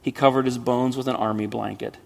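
A man reads a story aloud with measured, expressive pacing, dropping softer at the sad passages. His mid-pitched voice has a gravelly texture. A long reverb trails each phrase, as in a large hall. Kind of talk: dramatic story reading.

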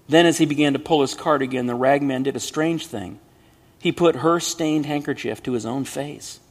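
Gravelly man reading a story aloud. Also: medium pitch. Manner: measured, expressive, hushed at sad moments. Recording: long hall reverb.

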